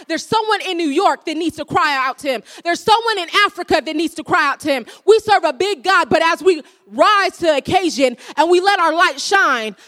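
A woman's voice: high-pitched, pushed and bright. A woman preaching a sermon, earnest and repeating phrases for emphasis. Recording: long hall reverb.

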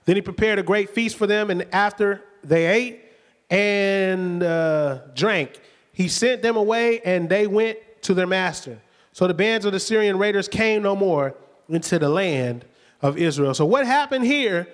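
A man preaching a sermon, retelling the story lively and conversationally with rhetorical questions. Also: sits high, measured pace. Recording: long hall reverb.

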